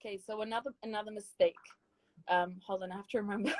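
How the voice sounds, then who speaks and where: A woman's voice: mid-range voice, steady tone, a little fast, no echo, rough recording. A woman with a British accent, a guest singer giving emphatic, encouraging advice in a casual chat interview. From Britain.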